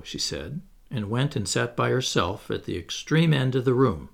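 A man narrating a children's classic as an audiobook reading, with expressive storytelling. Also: mid-range voice, normal speed, creaky, few pauses.

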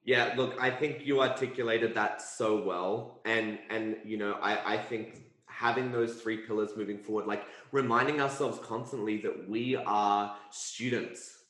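A man's voice: on the low side, steady tone, a little slow, hardly any pauses, fairly bright tone. Earnest male podcast host, roomy echo. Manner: affirming, earnest, repeats words while thinking. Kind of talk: casual conversation.

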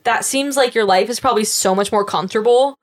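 Chatty young woman recapping a show. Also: on the high side. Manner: chatty and opinionated, many fillers and quick asides. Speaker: podcast co-host. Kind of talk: casual recap chat.

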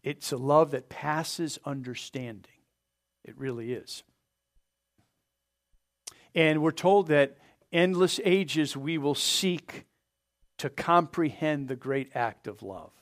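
A man pastor preaching a sermon, earnest, pressing his points hard and then letting them fall soft. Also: a little high, takes it slowly, pauses often. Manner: earnest preaching with rising emphasis and soft drop-offs; asks the congregation to open their Bibles.

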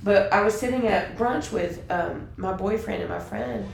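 A woman co-hosting a podcast in casual chat, talking in an animated way with many fillers. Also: mid-range voice, normal speed, creaky. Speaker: podcast co-host. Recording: roomy with faint background hiss.

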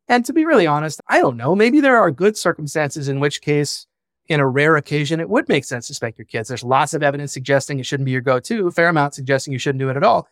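Slightly high and fairly bright, this man's voice comes through with studio quality and no room sound. He's a founder and father appearing as a podcast guest, speaking candidly and reflectively, with casual swearing, in a conversational interview.

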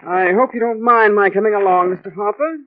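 An actor playing a nervous, defensive young fiancé in a vintage radio drama. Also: male voice, sits high, a little fast, slight background noise, natural voice. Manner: defensive, flustered. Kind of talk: 1940s radio acting. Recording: tinny old radio broadcast.

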